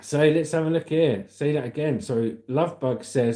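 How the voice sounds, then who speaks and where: A British livestream host with a fairly high, dark-toned voice talks at a normal pace with hardly any pauses. He's chatty and upbeat, reading viewer comments on his casual stream and calling people "mate" and "legend."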